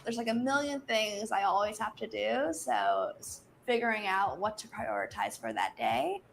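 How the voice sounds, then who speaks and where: A woman's voice: mid-range voice, big pitch swings, normal speed, vocal fry, slight background noise. Easygoing American woman in an interview. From United States. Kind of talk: documentary interview.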